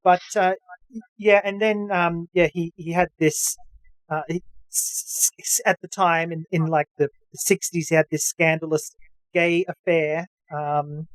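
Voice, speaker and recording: A man's voice: a little high, level tone, a little slow, no room sound, low-quality recording. A man hosting a podcast, chatting knowledgeably with lots of fillers and restarts. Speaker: podcast host. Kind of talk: casual chat.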